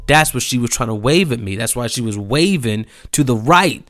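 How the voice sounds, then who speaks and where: Animated, profane young man telling a story. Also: medium pitch, moderate pace, hardly any pauses, faint music behind. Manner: animated, profane, heated and repetitive. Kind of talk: casual storytelling.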